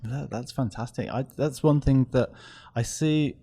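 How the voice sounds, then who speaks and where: A man hosting a podcast interview, chatting in a relaxed way and backing up his guest. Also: medium pitch, measured pace, slightly rough. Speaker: podcast host. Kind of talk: casual interview.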